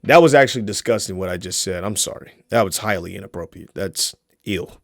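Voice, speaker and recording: A man streaming, giving crude, joking commentary as he reacts to a video, swinging from loud outbursts to mumbled asides. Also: sits low, a little fast, no echo, studio quality.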